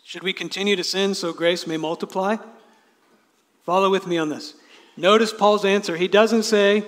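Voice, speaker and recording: A male pastor preaching in a church sanctuary, his somewhat high voice carrying a long reverb tail. He moves from loud, emphatic declarations to hushed lines that are nearly whispered. Conversational asides break in, sometimes with a light laugh. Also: little pitch movement, moderate pace. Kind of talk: sermon.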